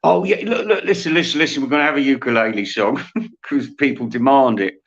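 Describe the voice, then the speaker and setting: Casual, rambling male host, mid-pitch, laughs at own jokes, dull lo-fi recording. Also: a little fast. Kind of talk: satirical comic monologue. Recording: dull lo-fi sound.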